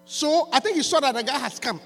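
A man, preaching a sermon by retelling a story, going from quiet asides to shouting. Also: extremely high pitch, brisk. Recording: reverberant hall with mains hum.

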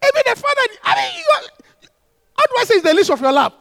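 A man delivers an animated sermon, often laughing and breaking into shouts. His voice sits very high and swings up and down in pitch. The sound is close and dry. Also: quick pace, no echo. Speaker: preacher.

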